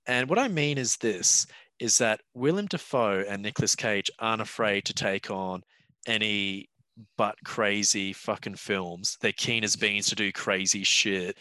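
A man's voice: lowish voice, unhurried, pushed and bright, no echo. A man hosting a podcast, rambling through casual film chat, laughing and swearing freely. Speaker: podcast host.

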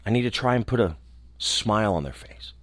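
A man who hosts a show, talking alone in a small room in a reflective, earnest way, often restarting and trailing off softly. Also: on the low side, expressive, dry recording, clean studio sound. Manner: earnest, halting, with restarts and soft trailing endings. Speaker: radio host. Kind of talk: reflective casual monologue.

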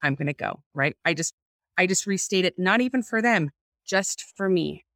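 A woman's voice: fairly low pitch, lively intonation, moderate pace, fairly bright tone, dry recording, studio quality. A woman speaking earnestly as a guest about faith and parenting over a video call, reflecting aloud and searching for words. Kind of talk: faith-based parenting talk.

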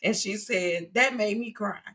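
A woman, hosting a casual faith conversation and telling stories with animated delivery and frequent laughter. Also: medium pitch, unhurried. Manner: animated storytelling, laughing often. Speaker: podcast host.

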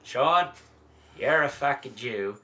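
A man putting on a rough Australian accent to voice a blunt, swearing male friend. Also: mid-range voice, lively intonation, slow, sharp tone. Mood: exasperated. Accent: Australian, done badly.

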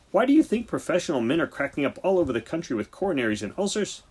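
A brusque, preachy senior country vet , put on by a male audiobook reader. His husky voice swings high and loud, full of lively rises and falls as he lectures. Theatrical and commanding. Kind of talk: audiobook character voice.

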